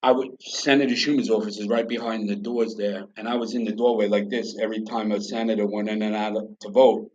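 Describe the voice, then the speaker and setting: Brisk with few pauses, this lowish, slightly mellow male voice keeps a fairly even intonation. He's a podcast guest from New York telling his story bluntly, profanely and emphatically in a conversational interview, and the lo-fi audio is slightly dull.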